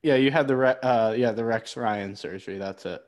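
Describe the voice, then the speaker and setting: A man's voice: medium pitch, fairly quick. A man co-hosting a casual podcast chat, cutting in with jokes and teasing his friend. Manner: teasing, joking, cuts in. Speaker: podcast co-host.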